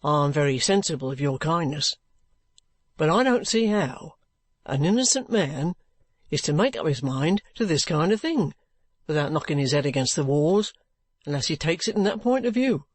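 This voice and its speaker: A reader doing a gruff, stubborn old trooper. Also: medium pitch, lively intonation, moderate pace, no echo, voice pushed down, lightly acted. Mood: firm. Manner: plain-spoken, polite, stubborn. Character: bluff, steady ex-soldier man under arrest.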